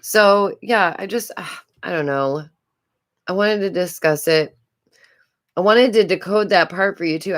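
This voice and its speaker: Host: New York-accented woman, lowish voice, stuffy nose, chatty live-stream commentary with frequent giggles. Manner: chatty, repeats phrases, giggles often.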